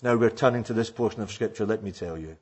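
A man imitating an older preacher who solemnly declares a passage the most important in scripture, with a husky voice. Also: on the low side, fast, darkish tone, voice pushed down.

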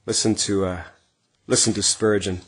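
A middle-aged male pastor preaching earnestly, swinging from emphatic lines to hushed, quiet passages. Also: on the low side, steady tone, normal speed, slightly rough. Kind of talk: sermon.

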